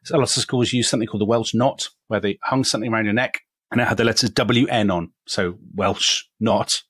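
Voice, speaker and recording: A man with an English accent narrates history in a relaxed podcast chat. His voice sits low and sounds dry and close, with no room around it. He drifts into self-deprecating asides and loose phrasing. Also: fairly quick, husky, no room sound. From England. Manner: chatty, self-deprecating asides, frequent "kind of" and "sort of". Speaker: podcast co-host. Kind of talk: casual history podcast storytelling.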